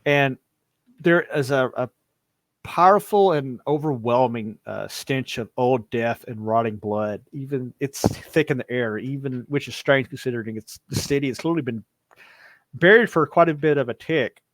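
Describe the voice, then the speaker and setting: A man's voice: medium pitch, moderate pace, no echo. Guy game-mastering a horror tabletop game, loose improvised telling, dry close audio. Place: home streaming setup.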